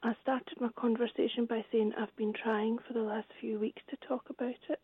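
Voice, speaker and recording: A woman's voice: on the high side, little pitch movement, moderate pace, slightly rough, no room sound. A tired woman caller with a babyish voice, lying down as she talks on a radio phone-in. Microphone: phone line. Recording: tinny phone line.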